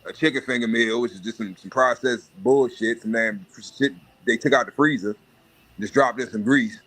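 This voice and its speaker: A man's voice: medium pitch, normal speed. Brash, profane man ranting. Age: adult. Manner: profane, animated rant with mocking put-on voices. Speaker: livestream host. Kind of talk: casual monologue.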